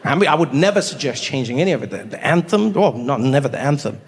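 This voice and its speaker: A man from South Africa performing a stand-up comedy routine, animated and acting out angry crowds in a raised voice. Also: quick pace. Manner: animated, acts out shouting crowds in a high voice. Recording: live hall with reverb and faint ambience.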